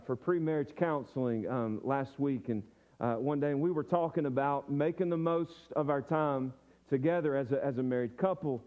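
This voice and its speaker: A man's voice: fairly high pitch, mellow, dull audio. A man preaching a sermon from the pulpit, earnest, repeating phrases and restarting his sentences. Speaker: pastor.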